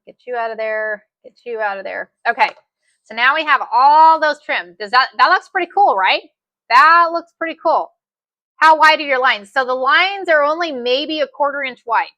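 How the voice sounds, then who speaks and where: A woman walks viewers through a sewing project in a live tutorial, chatty and folksy. Her voice is bright and slightly high, recorded close and dry. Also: no echo, lo-fi sound. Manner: chatty, says "y'all" a lot. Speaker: sewing instructor.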